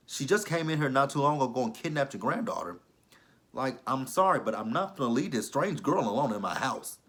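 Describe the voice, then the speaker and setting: A man's voice: mid-range voice, big pitch swings, fairly quick, fairly bright tone. A man recapping a TV episode in a casual vlog, blunt and profane, with incredulous asides. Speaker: TV episode reviewer.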